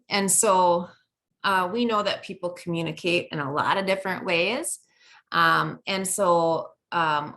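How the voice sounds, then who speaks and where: Middle-aged woman trainer, low-pitched, talks through a presentation loosely with lots of "um"s. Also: a bit bright. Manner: conversational, many fillers and restarts.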